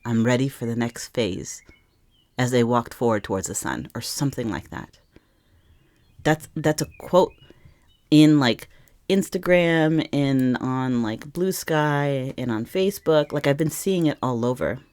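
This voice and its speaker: A woman's voice: very deep voice, a little slow, a little mellow. A woman giving a casual tarot reading to camera, rambling and emotional, often correcting herself mid-sentence. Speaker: tarot reader.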